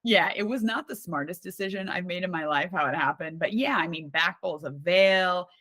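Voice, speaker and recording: A woman on a podcast as a guest, talking in a candid, animated, conversational way with frequent restarts. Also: on the low side, normal speed, dry recording. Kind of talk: casual conversational storytelling.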